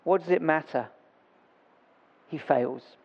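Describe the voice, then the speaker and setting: A man's voice: a little high, slow pace. A man preaching a sermon in a church, talking in a conversational way, correcting himself and reading scripture aloud. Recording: dull reverberant church recording.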